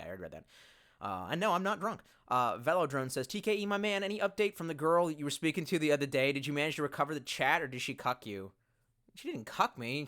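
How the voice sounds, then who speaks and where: A man's voice: mid-range voice, sharp tone. A man chatting casually on a live stream, reading out chat messages in a rambling way and swearing a lot.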